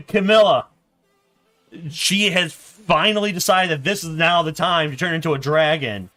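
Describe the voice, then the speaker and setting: A man narrating a story in a board game on a stream, laughing and animated. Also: on the high side, moderate pace, faint music behind.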